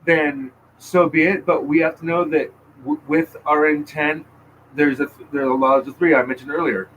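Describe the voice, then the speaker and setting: A man co-hosting a casual podcast chat, speaking in a slow, measured way with a teasing edge. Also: on the high side, fairly even intonation, fairly bright tone, slight background noise, low-quality recording. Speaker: podcast co-host.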